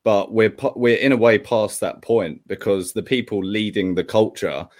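Brief: male panel guest, lowish voice, insistent delivery, restarts words when pushing a point. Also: moderate pace. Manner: emphatic, insistent, stumbles on words. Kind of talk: casual panel chat.

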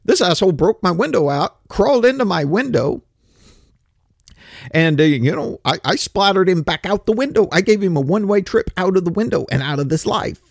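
Fifty-something guy ranting, lively up-and-down voice, kinda high, dry close sound. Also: fairly quick, vocal fry, dry recording. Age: 50s. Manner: ranting, blunt, swears casually. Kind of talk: opinionated monologue.

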